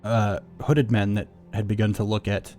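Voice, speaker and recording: A man's voice: fairly low pitch, flat delivery, moderate pace, darkish tone, soft background music. A man narrating as game master of a tabletop game, loose and rambling with many fillers.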